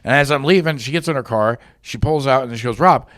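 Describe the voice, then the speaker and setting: A man's voice: medium pitch, fast talker, fairly bright tone, dry recording. A man co-hosting a podcast, telling a crude anecdote in casual chat with acted-out quotes. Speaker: podcast co-host. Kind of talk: casual storytelling.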